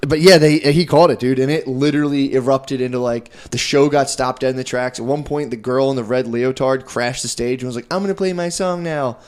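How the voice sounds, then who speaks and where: Fast-talking man telling a wild story. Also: medium pitch. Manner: rambling, profane, peppers speech with "dude"; animated, acts out other people's lines. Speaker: podcast co-host. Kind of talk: casual storytelling chat.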